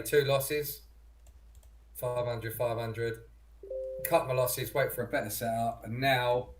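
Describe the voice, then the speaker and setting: A man co-hosting a casual live stream, teasing and dry. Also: mid-range voice.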